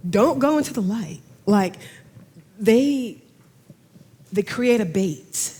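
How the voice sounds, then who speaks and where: A woman giving an emotional talk on camera, speaking in a halting way and often restarting her sentences. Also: a little high, lively intonation, warm tone, husky. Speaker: speaker at a talk on remote viewing. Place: in front of a camera.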